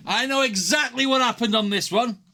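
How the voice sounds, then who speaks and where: British male reaction host, high-pitched, casual rambling chat, laughs often. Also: a little fast, vocal fry, bright, forceful tone, slight background noise. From United Kingdom.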